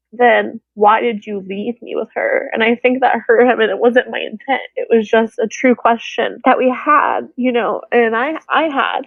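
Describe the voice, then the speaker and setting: A woman with a fairly high, gravelly voice tells her own story emotionally and candidly as a guest, mimicking the voices of people she quotes. The line is tinny, like a phone, and completely dry.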